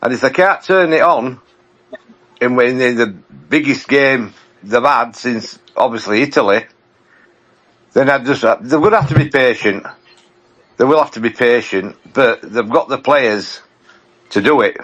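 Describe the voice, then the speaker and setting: A man's voice: mid-range voice, unhurried, long pauses, a bit bright, low-quality recording. A man, a regular guest on a fan podcast, talking in a plain-spoken, rambling way. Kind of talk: casual fan podcast chat.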